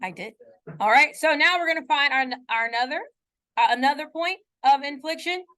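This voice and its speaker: A woman's voice: high-pitched, animated, fairly quick, pushed and bright. A woman teaching a math class, talking casually, often checking in with her students and joking about her own slips. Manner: playful self-mocking asides. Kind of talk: classroom lecture.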